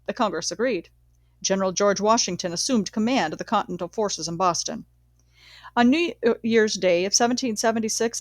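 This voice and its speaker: A woman reading a nonfiction history book aloud in a measured, steady way, sometimes correcting herself. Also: on the high side, dry recording. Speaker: audiobook reader.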